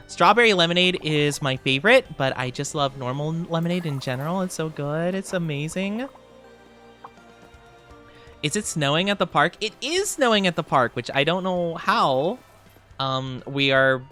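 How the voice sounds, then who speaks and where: Livestreamer, casual gameplay chat, bright, giggly voice, soft music underneath. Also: medium pitch. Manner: chatty and giggly, answers chat messages. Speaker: streamer reading chat.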